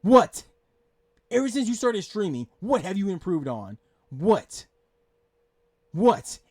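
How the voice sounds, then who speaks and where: A man's voice: high voice, sing-song, slow, breathy edge. A man hosting a reaction video, ranting angrily and swearing as he scolds the person he is reacting to. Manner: yelling, profane, scolding. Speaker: reaction channel host. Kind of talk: angry reaction rant.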